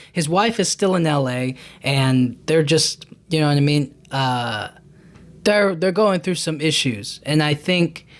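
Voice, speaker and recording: A man hosting a podcast, casually recapping a movie in a loose, rambling way with many restarts and fillers. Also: on the high side. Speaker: podcast host.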